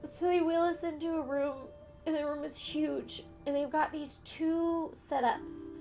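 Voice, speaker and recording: Speaking unhurriedly in a mellow, high-sitting voice with fairly even intonation, a young woman vlogger candidly recounts something that happened to her. She chats casually and voices other people's lines as she retells events. Faint music plays behind her.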